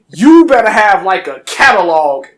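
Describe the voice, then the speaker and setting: A man telling funny stories as a guest on a casual talk show, animated and laughing often. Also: sits high, unhurried. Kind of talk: casual podcast storytelling.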